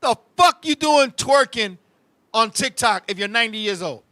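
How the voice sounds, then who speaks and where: Very high, sharp-voiced comic male host. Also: moderate pace, no room sound. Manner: animated, profane storytelling, constantly addressing his co-host. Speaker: show host. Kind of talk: casual comedic chat.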